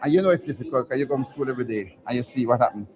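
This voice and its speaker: A man's voice: medium pitch, very fast. Jamaican man, middle-aged school principal, storytelling, muffled sound, crowd of students around. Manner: storytelling, jokey, asks the crowd "right?". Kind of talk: casual talk to students at a career day.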